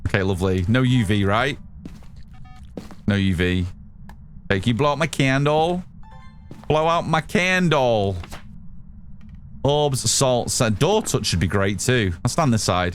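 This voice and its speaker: In a fairly low voice at normal speed, a British man gives casual commentary during a live gameplay stream. He's chatty, reading and answering chat as he goes, with slight background noise present.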